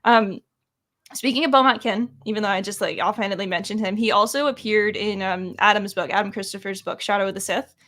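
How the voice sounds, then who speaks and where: Woman podcast host, chatty, upbeat, quick to laugh, mid-pitched, casual interview tone. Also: a bit bright.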